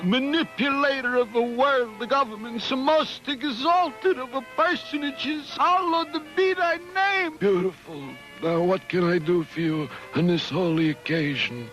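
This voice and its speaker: An actor voicing an aging mob boss father, gravelly and mumbling, in a 1970s cartoon over music. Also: high voice, fairly bright tone, heavily acted.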